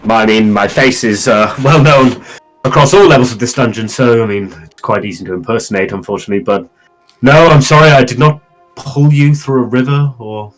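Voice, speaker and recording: A man's voice: medium pitch, brisk, fairly bright tone, lightly acted, low-quality recording. A game master voicing an old male wizard who speaks politely and formally, a little puzzled. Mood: apologetic. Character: old male mad wizard, curious and courteous.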